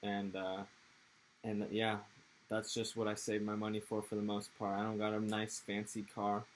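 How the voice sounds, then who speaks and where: A man's voice: fairly low pitch, monotone, normal speed, a little hiss or hum, rough recording. A young man from Texas with an American accent, chatting loosely in an interview with rambling, laid-back, profane slang. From Texas, USA. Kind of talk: casual interview chat.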